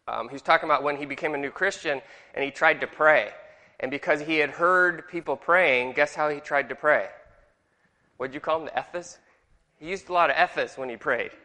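A man's voice: mid-range voice, sharp tone. A middle-aged man teaching a Bible class in a jokey way and asking the room questions. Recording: long hall reverb.

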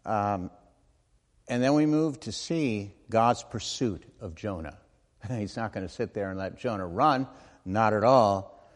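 A man's voice: on the low side, unhurried. A man preaching a sermon in an earnest, conversational way, with asides and self-corrections. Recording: long hall reverb.

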